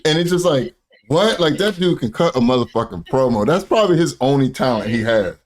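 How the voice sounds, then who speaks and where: A man's voice: mid-range voice, sing-song, a little fast. A man hosting a stream, commenting on clips in a chatty, profane way and laughing often. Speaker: streamer host. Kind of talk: casual commentary over clips.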